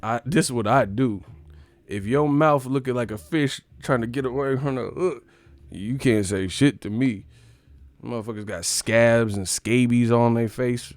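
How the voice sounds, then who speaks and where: Slow-talking, mocking streamer man. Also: medium pitch, dry recording. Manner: mocking, crude, laughs often, mimics people. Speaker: live stream host. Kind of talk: casual profane commentary reacting to chat.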